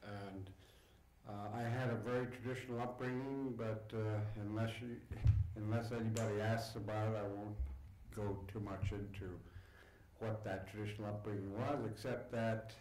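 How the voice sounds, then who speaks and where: An older man giving an acceptance speech to an audience, telling stories from his upbringing in an unhurried, reflective way with pauses. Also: fairly low pitch, level tone, darkish tone, a little hiss or hum, poor audio. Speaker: award recipient giving a speech. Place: event hall before an audience.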